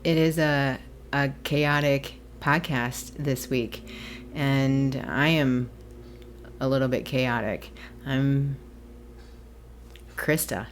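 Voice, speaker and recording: Woman, low voice, solo podcast host, rambling and chatty, laughs easily. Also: fairly even intonation, takes it slowly, long pauses, slight background noise. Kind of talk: casual solo podcast monologue.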